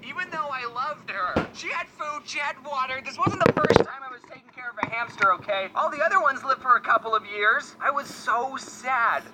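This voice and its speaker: A video creator telling a scripted comedic story with deadpan jokey asides. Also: sits high, brisk, hardly any pauses, very noisy.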